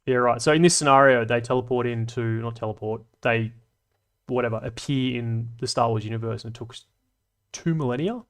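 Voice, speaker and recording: A man's voice: medium pitch, fairly even intonation, fairly quick, smooth. Male streamer, casual rambling chat, cheerfully sweary, frequent laughs. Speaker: livestream host. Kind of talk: casual livestream chat reading comments.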